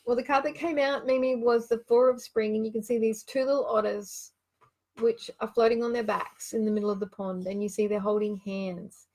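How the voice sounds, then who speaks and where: A woman's voice: a little high, fairly even intonation, fairly quick, a little mellow. A woman casually chatting and reading cards aloud on a live stream, giggling often. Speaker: card reader hosting a live show.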